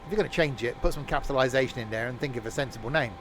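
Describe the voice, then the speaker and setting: Speaking very fast in a medium pitch against a noisy background, this man plays a train simulator on stream. He keeps up jokey, casual chatter and goofs around with silly fake passenger announcements.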